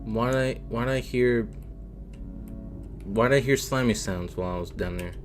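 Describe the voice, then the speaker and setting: A man's voice: medium pitch, measured pace. A man streaming a video game, muttering casual commentary to himself, jumpy and nervy as he plays. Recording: faint game music behind.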